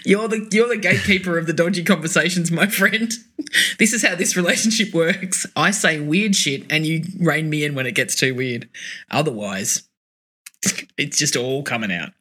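A man's voice: a little high, moderate pace, pushed and bright, husky. A man co-hosting a podcast, telling bawdy stories with lots of swearing and laughter. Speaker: podcast co-host. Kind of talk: casual podcast chat.

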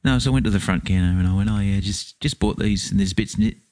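A man's voice: fairly low pitch, quick pace, darkish tone. An Australian man co-hosting a casual chat, telling rambling stories, swearing and acting out what people said. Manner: rambling storyteller, swears, acts out quotes.

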